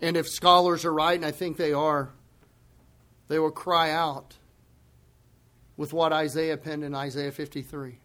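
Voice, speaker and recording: A man preaching a sermon as a pastor, speaking with passion and swinging between loud emphatic declarations and hushed, grave asides. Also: on the high side, flat delivery, a little slow, long pauses.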